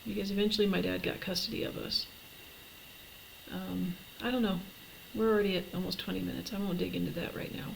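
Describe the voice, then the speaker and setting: Middle-aged woman, gravelly vlogger voice, halting and reflective, faint hiss behind. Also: lowish voice, steady tone, rough recording. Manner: halting, reflective, with frequent fillers and restarts. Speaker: vlogger telling her life story. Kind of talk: personal storytelling to camera.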